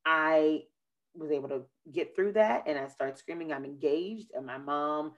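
A woman hosting a podcast, chatting casually and telling a rambling, animated story with acted-out quotes. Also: sits low, normal speed, dull audio. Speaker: podcast host. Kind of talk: casual chat.

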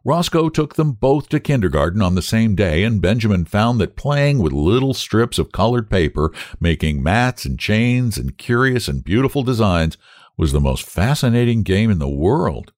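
A male narrator reads a story aloud in an expressive storytelling manner. His voice sits on the low side but moves lively up and down. The recording is dry and close. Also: normal speed, no room sound. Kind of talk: audiobook narration.

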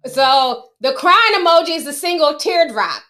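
A woman's voice: high voice, expressive, moderate pace, sharp tone. A middle-aged woman hosting a casual livestream, chatting with her viewers and laughing often. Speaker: livestream host.

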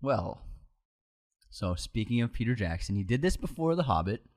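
A man co-hosts a relaxed movie podcast, moving between a sponsor read and loose banter. He laughs often and pokes fun at himself. His voice sits in a plain middle pitch. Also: moderate pace. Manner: laughs often, chatty, self-mocking. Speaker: podcast co-host. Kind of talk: casual podcast chat and ad read.

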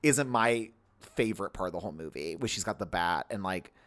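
Animated young man chatting on a podcast. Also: low voice, a little fast. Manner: animated, rambling, heavy use of filler words. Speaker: podcast co-host. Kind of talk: casual podcast chat about films.

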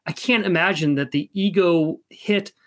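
A man's voice: high voice, moderate pace. A man hosting a podcast who introduces a guest and asks him reflective questions. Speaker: podcast host. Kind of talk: interview questions.

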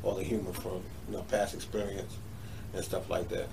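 A man's voice: low voice, normal speed, vocal fry. Casual male comedian, distant mic. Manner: relaxed, repeats words, eager agreement. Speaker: comedian guest. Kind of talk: casual interview chat. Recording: distant mic, faint background noise.

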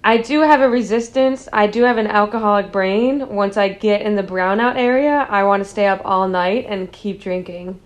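A woman's voice: medium pitch, normal speed, few pauses, highs cut off. Self-mocking young woman in casual chat.

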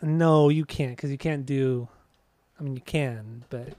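A man's voice: mid-range voice, steady tone, unhurried, dark tone, no echo. A young man co-hosting a casual chat, teasing his friend, laughing often and swearing casually. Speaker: podcast co-host.

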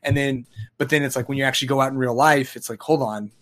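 A man's voice: mid-range voice, fairly even intonation, quick pace, fairly bright tone. A man in casual conversation who talks in a reflective, rambling way and often restarts his phrases.

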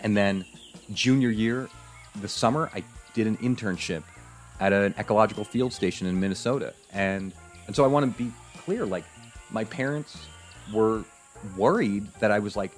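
A man guest on a podcast, telling a personal story in a casual, animated way, acting out his parents' voices. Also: fairly low pitch, normal speed, soft background music.

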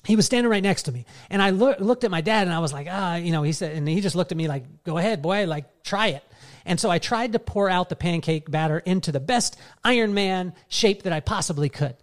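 Male motivational speaker, slightly high voice, earnest storyteller at a live summit. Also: lively intonation, fast, few pauses. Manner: earnest, personal storytelling addressed to the audience.

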